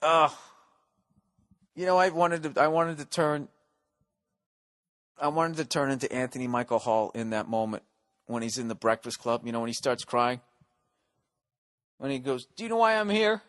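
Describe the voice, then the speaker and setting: A middle-aged American man hosting a podcast, delivering a profane, rambling comic monologue with swings between loud rants and muttered asides. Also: mid-range voice. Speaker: podcast host.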